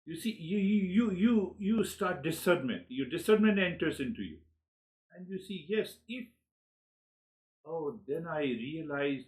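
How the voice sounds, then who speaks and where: A man giving a spiritual lecture, animated, who acts out inner dialogues and often repeats words as he searches for the next one. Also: on the high side, measured pace, poor audio. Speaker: spiritual teacher.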